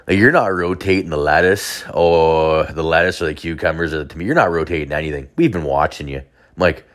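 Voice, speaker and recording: A young man with a very deep voice spins long, crude stories about his past. He rambles casually, packs his talk with filler words and swears constantly. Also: animated, brisk, a bit bright. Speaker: storyteller. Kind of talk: casual storytelling.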